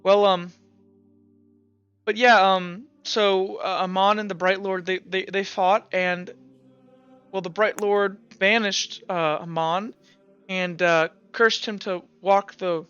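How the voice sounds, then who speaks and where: A man's voice: sits high, fairly even intonation, slow, a bit bright, clear, resonant tone, highs cut off, pitched above the performer's own voice. A man voicing a nervous young girl in a tabletop game, hesitant and stammering.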